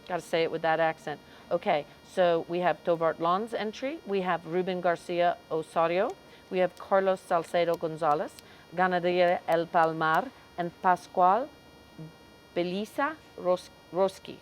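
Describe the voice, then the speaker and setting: A woman's voice: lowish voice, normal speed, a little hiss or hum, rough recording. A woman commentating a cattle show livestream in an arena, chatting, greeting viewers and stumbling over names. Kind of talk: live commentary.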